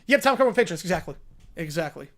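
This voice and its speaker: A man's voice: fairly high pitch, big pitch swings, quick pace, fairly bright tone. A man hosting a casual livestream who chats loosely with viewers and often repeats his own phrases. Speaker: livestream host.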